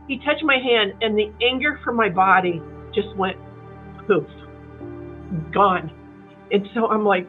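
A middle-aged guest from the Kansas City area, USA, tells her story in a casual interview with a mid-range voice at a moderate pace. She's animated, uses plenty of fillers, and acts out other people's voices, all over a tinny, phone-like line with faint music.

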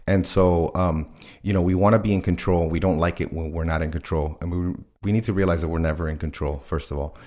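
A man co-hosting a podcast, talking earnestly, quick to laugh and acting out his own inner voice. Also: low voice, steady tone, a little mellow. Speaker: podcast co-host. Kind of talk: casual chat.

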